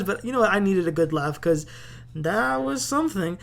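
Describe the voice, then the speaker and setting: A woman's voice: medium pitch, expressive, normal speed, gravelly. Chatty woman giving a TV recap. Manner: chatty and opinionated, lots of "like" and "um". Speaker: host. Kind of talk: casual TV recap commentary.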